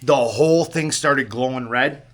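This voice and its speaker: A man's voice: medium pitch, a little slow. A man telling a story in a casual, rambling way, swearing often and checking in with the listener, sheepish and rueful. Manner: rambling, swears often, keeps asking "right?".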